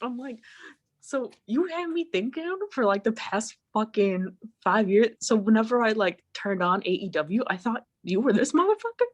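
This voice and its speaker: A woman's voice: on the high side, normal speed. A woman guest on a casual online talk show, telling stories with lots of swearing and acted-out quotes. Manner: profane, animated storytelling with acted-out quotes. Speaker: podcast guest. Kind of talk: casual storytelling chat. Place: home, remote call.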